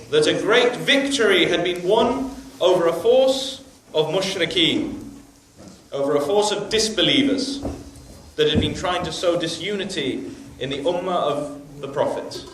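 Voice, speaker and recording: A high-voiced male preacher tells his story with steady emphasis. His voice booms around a large, very echoey hall and sounds distant from the microphone. A faint hiss lies underneath. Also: measured pace. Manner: emphatic storytelling with religious phrases. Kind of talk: storytelling sermon.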